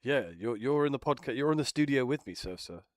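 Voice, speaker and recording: A man's voice: mid-range voice, lively intonation, brisk. Laughing, swearing young man. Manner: swears often, teasing, laughs a lot. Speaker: streamer. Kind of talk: casual banter with friends.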